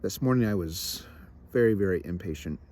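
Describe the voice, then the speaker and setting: Young man, lower register, confessional vlogger; halting, self-deprecating, frequent restarts. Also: animated, darkish tone. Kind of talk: reflective personal vlog.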